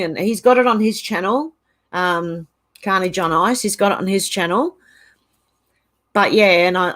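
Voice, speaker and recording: A woman's voice: mid-range voice, fairly bright tone. An Australian woman hosting a casual livestream, reading viewer comments aloud and rambling through her reactions. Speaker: channel host.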